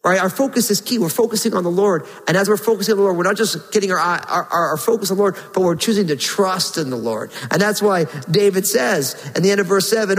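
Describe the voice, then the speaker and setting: High-voiced male pastor preaching. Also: fast talker, few pauses, in a large hall, soft background music, rough recording. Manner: earnest, emphatic preaching with scripture readings. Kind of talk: sermon.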